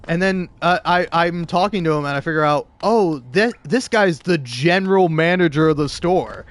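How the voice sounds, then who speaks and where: Young male streamer with a somewhat high voice, chatting in a loose, profane, laughing way. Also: moderate pace, hardly any pauses. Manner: rambling, profane, laughs often. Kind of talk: casual storytelling while gaming.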